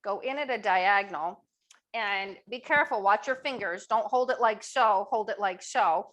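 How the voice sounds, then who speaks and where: A woman's voice: mid-range voice, moderate pace, a bit bright, highs cut off. A middle-aged woman hosting a live online cooking demo, upbeat and chatty, asking viewers to type answers in the chat. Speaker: cooking class host.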